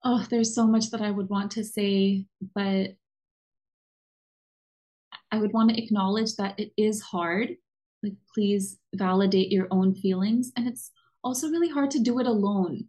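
A woman from the United States, a counselor and podcast guest, speaking in an encouraging, expressive way. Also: medium pitch, measured pace, low-quality recording. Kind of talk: conversational interview.

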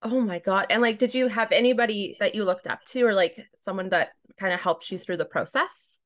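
A woman's voice: mid-range voice, brisk. A woman co-hosting a podcast in casual chat, teasing and joking crudely. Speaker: podcast co-host.

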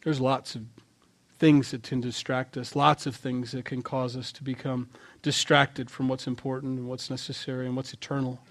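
A male pastor preaching a sermon in an animated way, swinging between loud lines and quiet asides. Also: mid-range voice, moderate pace.

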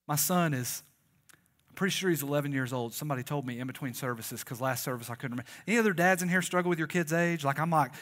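A man's voice: fairly high pitch, a bit bright. A man preaching a sermon, conversational and joking and calling on the congregation to respond. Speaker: pastor.

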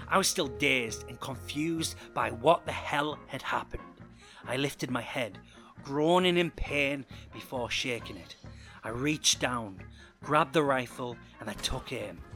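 Man, first-person story narration, dramatic, bright voice, faint music. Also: mid-range voice, unhurried.

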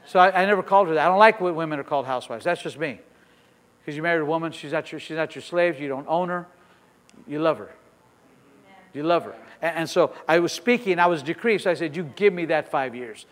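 Middle-aged man, pastor; high-pitched, emphatic sermon delivery, long reverb. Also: fast. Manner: emphatic preaching that swings between soft asides and loud declarations. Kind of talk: sermon with personal stories.

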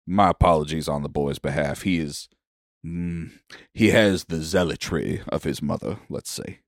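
A man voicing a weary, kindly crocodile father in a tabletop game, talking in a gentle, folksy way. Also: a bass voice, normal speed, dry recording, clean studio sound. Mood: apologetic. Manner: folksy, gentle, rural turns of phrase.

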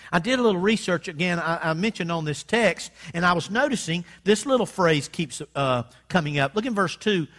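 A man's voice: sits high, sharp tone. A male pastor preaching a sermon, reading scripture aloud and calling on the congregation to repeat after him. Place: church sanctuary.

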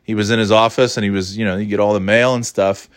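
A man's voice: fairly low pitch, little pitch movement, fast, smooth, dry recording, studio quality. A man in his forties casually telling a personal anecdote, rambling and self-deprecating with frequent restarts. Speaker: storyteller.

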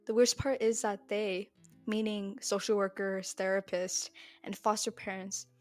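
A woman's voice: mid-range voice, level tone, a little slow, a little mellow, dry recording, soft background music. A young woman hosting a solo podcast, talking bluntly and heatedly and swearing freely. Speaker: podcast host.

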